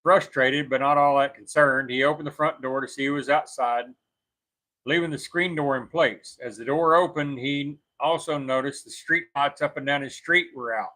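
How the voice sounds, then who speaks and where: A man's voice: mid-range voice, steady tone, moderate pace, bright, forceful tone, rough recording. A man co-hosting a show, reading a scary story aloud and now and then correcting his own slips.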